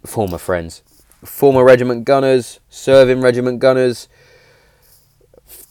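A man's voice: mid-range voice, darkish tone, clean tone, no room sound, clean studio sound. Earnest man in his thirties. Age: 30s. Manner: earnest, emphatic, swears freely, rambles. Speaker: podcast host. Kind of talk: casual heartfelt monologue. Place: home shed.

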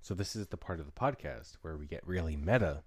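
A man's voice: a bass voice, expressive, brisk, a little mellow, slightly rough, no room sound. A man co-hosting a podcast in casual drunken chat, joking and telling stories. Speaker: podcast co-host.

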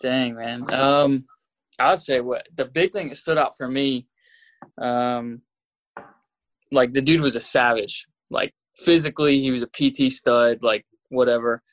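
A young man who is a podcast guest, talking in a relaxed way with many fillers. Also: medium pitch, unhurried. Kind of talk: casual chat.

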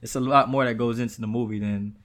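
A man's voice: medium pitch, fairly even intonation, fast talker, fairly bright tone. A man in a casual podcast conversation, speaking in a laid-back, blunt, slangy way.

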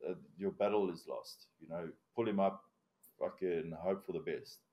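A man's voice: low-pitched, fairly even intonation, normal speed, mellow. A male commercial diver in a casual podcast interview, with a non-native accent, explaining procedures step by step in a blunt way and swearing casually. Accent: non-native English accent.

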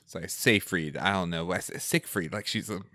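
A man co-hosting a casual movie review podcast, talking in an animated, emphatic way and laughing often. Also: low-pitched, fairly quick, dry recording, clean studio sound. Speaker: podcast co-host.

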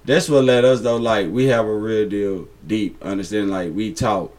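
A man's voice: on the low side, fairly even intonation, moderate pace, over a noisy crowd. A man talking as a guest in a laid-back, rambling way, full of slang. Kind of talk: casual chat.

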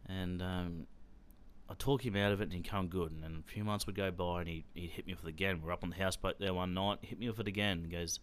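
A man's voice: low voice, fast. An Australian man hosting a podcast, telling a personal story in a blunt, rambling way with plenty of swearing. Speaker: podcast host.

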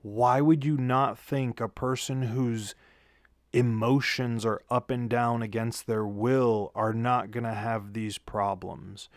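Medium in pitch and slow, his voice holds fairly even intonation, captured in clean studio sound without room sound. He's a tired man after work telling a rambling, profane casual story into a handheld studio mic with a pop filter, and he corrects himself a lot.

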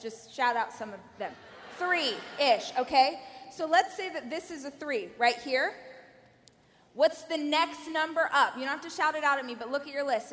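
High-pitched lady giving a keynote in a big echoey hall, lively, keeps asking the crowd stuff. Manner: lively, coaching the audience with direct questions. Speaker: keynote speaker. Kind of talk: energetic conference keynote. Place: large conference hall. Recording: reverberant hall.

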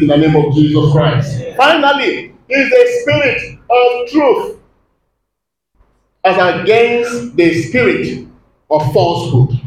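Man, pastor, high voice, emphatic sermon, echoey room, faint hum. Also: darkish tone. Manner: emphatic preaching, calls to the congregation.

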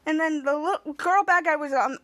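A woman with a high voice recaps a TV episode on her podcast in a casual, rambling way. She halts and restarts often and acts out the characters' lines in animated voices.

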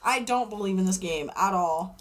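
A woman's voice: medium pitch, normal speed, slight background noise. A young woman co-hosting a podcast, arguing about hockey in a blunt, exasperated way. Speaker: podcast co-host. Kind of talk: casual sports banter.

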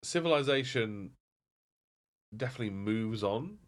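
A man in casual chat, his voice swinging lively up and down as he rambles. He laughs easily and slips into little acted-out bits of dialogue. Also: medium pitch, unhurried. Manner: rambling, laughing, acts out anecdotes. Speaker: podcast co-host. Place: home, indoors.

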